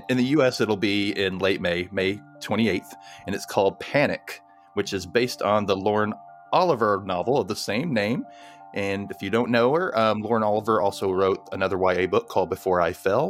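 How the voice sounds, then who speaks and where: A man from Mississippi, a joking, friendly guest in a casual chat. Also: on the low side. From Mississippi, USA.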